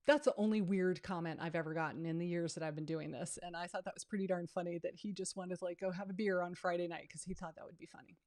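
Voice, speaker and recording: A woman's voice: on the low side, fairly even intonation, quick pace, few pauses, darkish tone. A woman, a real estate coach giving a live online training and answering viewer questions in a chatty, down-to-earth way. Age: 50s.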